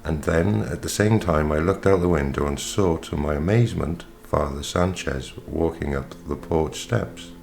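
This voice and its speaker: A man narrating an audiobook in the first person, with a steady, measured reading. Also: rumbling low, gravelly. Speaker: audiobook reader. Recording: reading over faint background music.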